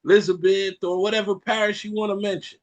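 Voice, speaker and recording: A Caribbean man hosting a podcast, ranting in an animated way and repeating lines for effect. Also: high voice, normal speed. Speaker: podcast host. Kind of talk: casual chat.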